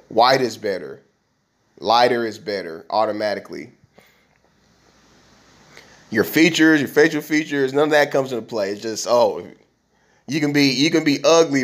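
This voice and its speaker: Rambling man podcasting solo. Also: medium pitch. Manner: rambling, conversational, with many restarts and fillers. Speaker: podcast host. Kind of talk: casual monologue.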